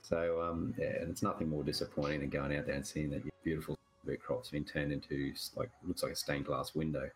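This is a man chatting on a podcast, with an extremely low voice. He tells rambling stories full of jokes. Faint music plays behind him. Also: level tone, fast, hardly any pauses. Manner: joking, rambling storyteller. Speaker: podcast co-host. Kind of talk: casual chat.

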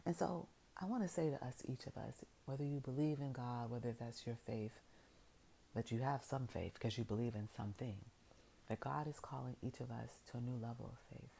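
A woman's voice: a bass voice, steady tone, moderate pace, gravelly, dark tone, a little hiss or hum, rough recording. A woman giving an inspirational faith talk as a motivational speaker. She retells scripture as a story and builds her points with repeated phrases.

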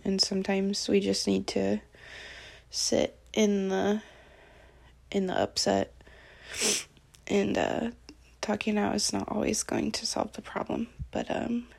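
A woman venting in an emotional diary vlog, her voice thick with gravelly fry and a husky, breathy edge. She sounds tearful, talks in halting bursts and often sinks into near-whispers. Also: mid-range voice, darkish tone. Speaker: diary vlogger.

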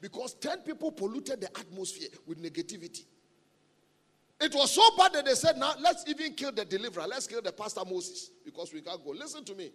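A man preaching a sermon as a guest speaker at a church gathering. He is animated and humorous, and he repeats his key phrases for emphasis. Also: sits high, a little fast. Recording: long reverb of a large hall.

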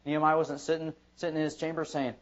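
A man's voice: a little high, little pitch movement, fast talker. A man pastor preaching an evening sermon in church, emphatic and repetitive. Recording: dull lo-fi sermon recording.

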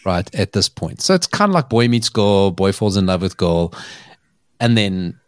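A man's voice: deep voice, sing-song, normal speed, dry recording, studio quality. A man hosting a podcast, telling a story in a chatty way and laughing often. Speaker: podcast host. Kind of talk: casual chat.

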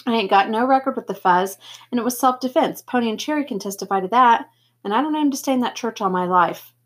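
A woman voicing a quiet, sensitive teenage boy who is scared but earnest, in a storybook reading. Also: a little high, fast.

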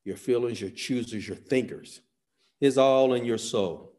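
A man preaching a sermon, swinging from soft, quiet phrases to sudden loud, emphatic peaks. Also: mid-range voice, a little slow.

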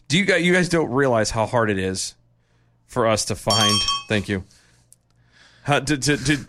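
A man's voice: medium pitch, animated, unhurried, fairly bright tone. A man co-hosting a casual news commentary show, bantering and mocking the stories. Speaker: co-host.

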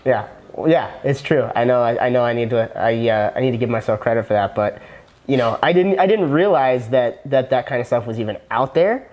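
Young male podcast guest, middle pitch, earnest, rambling, casual storytelling. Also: lively intonation, brisk, dull audio. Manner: rambling with many restarts, earnest, acts out quoted dialogue. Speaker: guest, former personal trainer turned copywriter.

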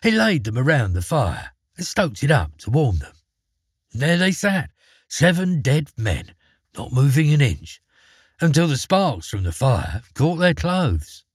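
A man narrating a fairy tale in an expressive, measured storytelling manner. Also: medium pitch, slightly rough, no echo, clean studio sound.

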